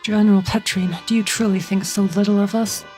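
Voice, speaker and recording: A woman's voice: mid-range voice, steady tone, brisk, darkish tone, faint music behind, lightly acted. A woman reads a loyal male commander in a fantasy game, earnest and stung in his pride. The voice stays close to her own.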